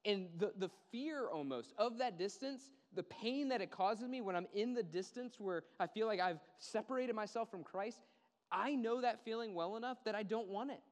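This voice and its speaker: A man preaching a sermon, earnest and emphatic, repeating words and dropping low and quiet to stress a point. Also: moderate pace. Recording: long hall reverb.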